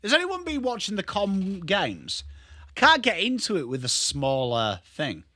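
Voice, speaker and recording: Male stream host, slightly high, bright, dry close sound; chatty, calls the play in bursts while reading chat. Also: wildly swooping pitch, a little slow, no echo. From Australia. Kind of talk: casual live watchalong commentary.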